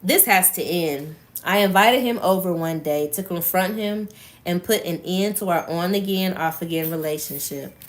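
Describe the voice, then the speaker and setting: A woman's voice: lowish voice, moderate pace. A woman reading a book aloud on a live stream, breaking off for blunt, profane, emphatic asides.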